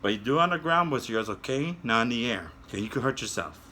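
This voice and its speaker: A man reading a children's yoga story and guiding kids through the poses in a gentle, coaxing way, talking straight to the children. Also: mid-range voice, lively intonation, quick pace, a little hiss or hum.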